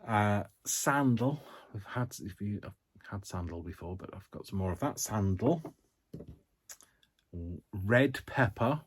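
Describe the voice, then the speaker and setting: Slow-talking man in a craft vlog. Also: fairly low pitch, animated, a little hiss or hum. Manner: chatty and rambling with frequent ums and asides; jokey, self-mocking humour. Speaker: craft vlogger. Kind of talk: casual haul vlog talking to camera.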